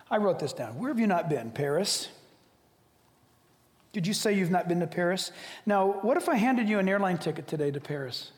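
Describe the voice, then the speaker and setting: Preaching with animation, a male pastor acts out both parts of imagined dialogues and sometimes falls to a whisper. He has a high voice at a moderate pace, trailed by a long reverb.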